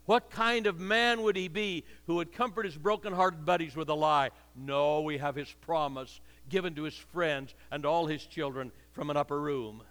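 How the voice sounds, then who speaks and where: A man's voice: on the high side, moderate pace, few pauses, a bit bright. An older man preaching a sermon with impassioned, repetitive cadences, heard with long reverb in a hall.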